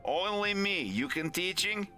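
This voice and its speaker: A menacing young gangster, as a man puts him on, speaking in clipped, broken phrases with a raised voice. The sound is bright and edgy, with faint music behind it. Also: high voice, lively intonation, unhurried, pitched above the performer's own voice, heavily acted. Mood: curious.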